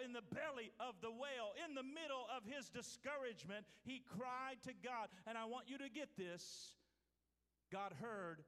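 A male pastor preaching a sermon, swinging from loud to hushed. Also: high voice. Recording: hall reverb.

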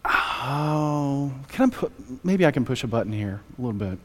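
A man's voice: medium pitch, sing-song, moderate pace. A man preaching a Sunday sermon as pastor, in a conversational way with joking asides. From United States. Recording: reverberant church hall.

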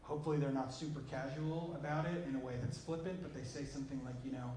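A man's voice: medium pitch, fairly even intonation, fast, few pauses. Emphatic male preacher in an echoey room. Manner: emphatic, swings between loud and quiet. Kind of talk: conversational sermon. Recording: roomy echo with faint background noise.

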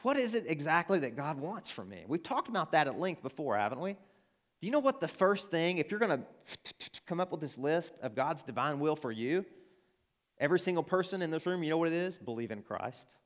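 Earnest Arkansas pastor preaching. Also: male voice, a little high, very animated, brisk. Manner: earnest, emphatic, rising to passionate appeals. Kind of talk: sermon. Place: church.

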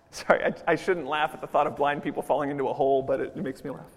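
A man preaching a sermon in a church, lively and quick to laugh at his own jokes. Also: on the high side, slightly rough. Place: church sanctuary. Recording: long church hall reverb.

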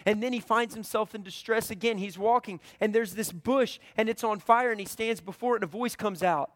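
A man's voice: sits high, a little fast, fairly bright tone, no room sound. A man preaching a sermon, retelling a scripture story with drama and voicing its characters.

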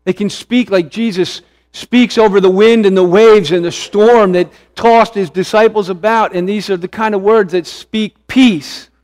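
A middle-aged man preaching a sermon, earnest, often repeating phrases for emphasis and slowing down to stress key words. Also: high voice, fairly even intonation, a little mellow. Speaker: pastor.

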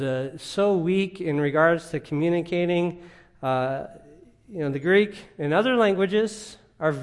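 A man preaching a sermon, teaching in an emphatic, conversational way with rhetorical questions. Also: a little high.

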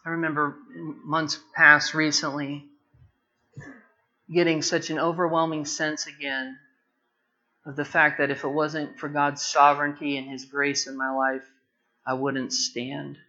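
Bright-voiced impassioned male preacher. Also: on the high side, flat delivery, measured pace, highs cut off. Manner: impassioned, rises to loud emphatic preaching. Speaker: pastor. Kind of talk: sermon.

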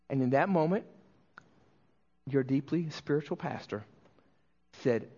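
Male pastor, earnest emotional sermon delivery, raised pitch, dull lo-fi recording. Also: normal speed, long pauses. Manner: earnest, emotional storytelling with many restarts and quiet dips.

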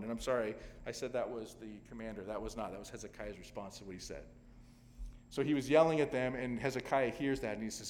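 A man's voice: medium pitch, fairly quick, in a large hall. A male pastor preaching a sermon, telling a scripture story dramatically with sudden swells of emphasis.

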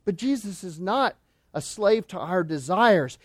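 Pastor, male, high voice, dry close sound, emphatic sermon delivery with rhetorical questions. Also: lively intonation, measured pace, no echo. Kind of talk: expository sermon.

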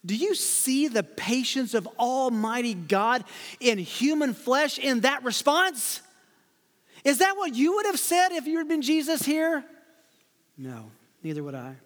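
A man preaching an expository sermon as pastor, swinging between loud rhetorical questions and hushed asides. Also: very high-pitched, very animated, measured pace, long reverb tail.

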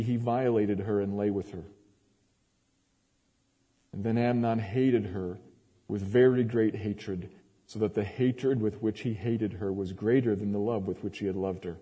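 Guy preaching scripture, low husky dark voice, big reverby hall. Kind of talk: scripture reading and sermon.

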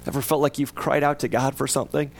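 A man's voice: medium pitch, level tone, fast, creaky. A man preaching a sermon as pastor, conversational, often asking his listeners questions and acting out the psalmist's words with rising intensity. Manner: conversational, asks the congregation questions.

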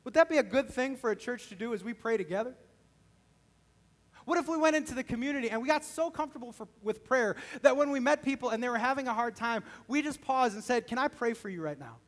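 A male pastor delivers a sermon in a high voice. He preaches conversationally, turning often to his listeners with direct questions. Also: quick pace.

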